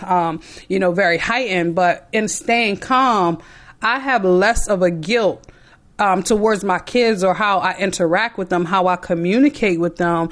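A middle-aged woman speaks earnestly to fellow parents, her voice sitting at an ordinary pitch. She talks in an emphatic, conversational way, pressing her points home as she advises. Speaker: parent giving advice. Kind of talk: motivational talk to parents.

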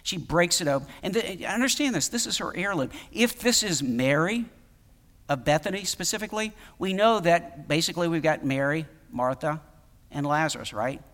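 A man's voice: on the high side, animated, normal speed, a bit bright, long reverb tail. A man preaching a sermon in a conversational, emphatic way, with many fillers and restarts. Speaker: pastor.

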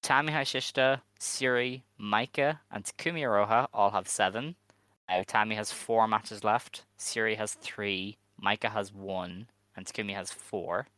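Low, bright-voiced podcast man. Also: no echo. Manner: reads standings in a measured, dry way. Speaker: podcast co-host. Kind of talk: casual podcast chat.

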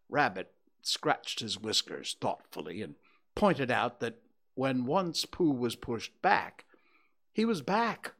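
A man reading a children's story aloud with expressive storytelling. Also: mid-range voice, takes it slowly, gravelly.

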